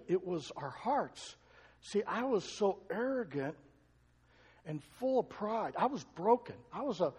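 A man's voice: sits high, darkish tone, breathy edge, long reverb tail. A male pastor preaching a sermon, talking to the congregation in a conversational way and asking it questions.

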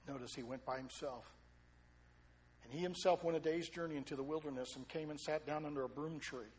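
A middle-aged male pastor preaching a sermon, swinging between loud excited storytelling and quiet, low asides. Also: fairly quick.

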